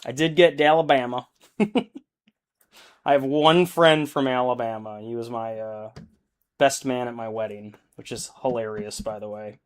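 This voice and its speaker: A man's voice: mid-range voice, fairly even intonation, a little slow. A young adult man chatting casually on a live stream while painting miniatures, rambling, thinking aloud and laughing easily.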